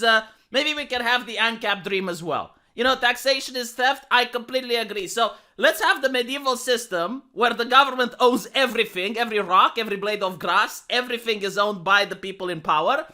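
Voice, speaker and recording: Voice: mid-range voice, brisk, pushed and bright. A commentary streamer from Romania with a Romanian accent, talking sarcastically and mockingly with many restarts.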